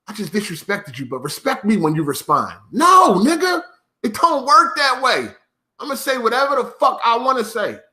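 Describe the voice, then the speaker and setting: Man, vlogger, high and sharp-toned, profane repetitive rant to camera. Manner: profane, repetitive, emphatic ranting. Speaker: YouTuber.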